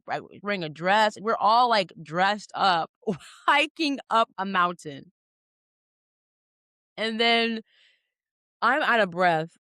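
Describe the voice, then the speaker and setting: A young woman hosting a podcast, telling a story in casual chat, animated and full of fillers, acting out what people said. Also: mid-range voice, dry recording, clean studio sound. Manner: animated, many "like" fillers, acts out quotes. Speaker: podcast host.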